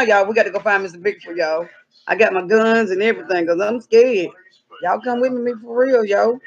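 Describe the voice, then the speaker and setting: A woman from North Carolina, vlogging outdoors on a cold day, talking in a dramatic, fearful way and yelling out now and then. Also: mid-range voice, brisk. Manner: dramatic, fearful, shouting, slangy. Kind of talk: comic spooky outdoor vlog. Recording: dull lo-fi phone audio.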